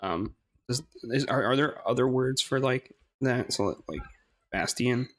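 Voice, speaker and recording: Male gamer, unhurried, loose and rambling commentary with plenty of laughs and swearing, dry close sound. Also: medium pitch, no room sound. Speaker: gaming streamer. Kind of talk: casual gameplay commentary.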